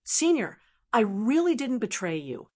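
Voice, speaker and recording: A woman's voice: fairly high pitch, sing-song, unhurried, mellow. A woman reading a young male martial artist who pleads hurriedly and sounds wronged. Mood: pleading.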